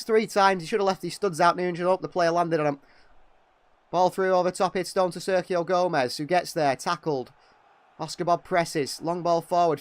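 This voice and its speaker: Excitable high-voiced fan commentator man. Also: no echo. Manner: excitable, exclaiming at big moments, critical of players. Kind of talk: partisan live fan commentary.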